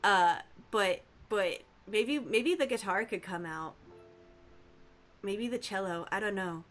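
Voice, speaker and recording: A woman streaming a game live, chatting casually and playfully with her viewers and reacting loudly to their messages. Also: medium pitch, slow pace, faint music behind. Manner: animated, playful, reacting to chat.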